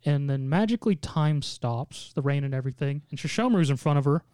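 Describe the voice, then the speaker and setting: A man casually recapping a show, telling it with lively mock quotes and lots of laughing. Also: a little high, quick pace, smooth, no room sound, studio quality. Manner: animated storytelling, mock quotes in put-on voices, frequent laughter. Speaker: podcast host recapping an anime episode.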